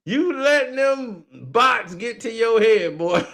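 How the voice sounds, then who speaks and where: High-voiced, gravelly man mocking loudly. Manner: mocking, laughs often, swears freely. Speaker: streamer reacting to messages. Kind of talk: casual reaction commentary.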